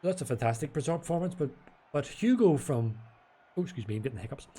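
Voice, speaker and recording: A man's voice: a little high, expressive, quick pace, dark tone, breathy edge. A man casually commentating a sim race from home, chatty and rambling, a bit tipsy. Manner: chatty, rambling, restarts and jokes. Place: home room.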